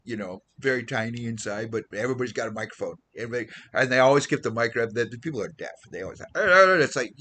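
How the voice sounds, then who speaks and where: A man's voice: medium pitch, lively intonation, fast, few pauses, pushed and bright, poor audio. A man preaching an informal sermon as a missionary, rambling and losing his train of thought now and then. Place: Philippines.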